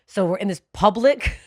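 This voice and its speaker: A woman co-hosting a podcast, telling a story in a profane, animated way that swings from low muttering to loud bursts. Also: unhurried, no room sound, clean studio sound. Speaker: podcast co-host. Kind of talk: storytelling in casual podcast chat.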